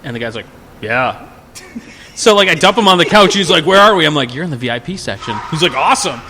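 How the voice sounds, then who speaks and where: A man's voice: on the high side, fast talker, slight background noise. A man telling a drunken convention story in a casual podcast chat, acting out the quotes with a raised voice. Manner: animated, acts out quotes in a raised voice. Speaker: podcast guest.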